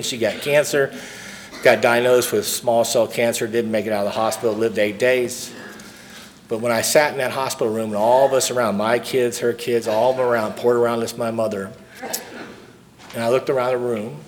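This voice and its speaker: A man's voice: on the low side, a little hiss or hum. A middle-aged man from St. Louis, speaking as an AA speaker to a live audience, telling his story earnestly and repeating key lines. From St. Louis, Missouri. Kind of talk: recovery talk to a live audience.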